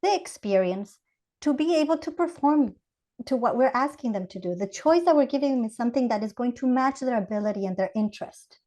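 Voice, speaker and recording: A woman from Ecuador with an Ecuadorian Spanish accent, a Montessori educator explaining ideas with animated acted-out examples in a podcast interview. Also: fairly high pitch, a little fast.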